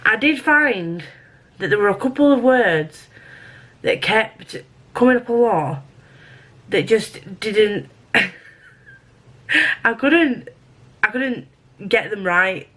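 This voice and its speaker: A woman's voice: medium pitch, animated, slow pace, pauses often, a bit bright, poor audio. A British woman chatting casually in a book review vlog, rambling and self-deprecating, often restarting her sentences.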